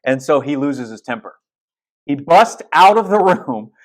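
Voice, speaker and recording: A man's voice: a little high, sing-song, measured pace. A male pastor preaching a sermon in a casual, storytelling way, retelling film scenes with blunt asides and restarts.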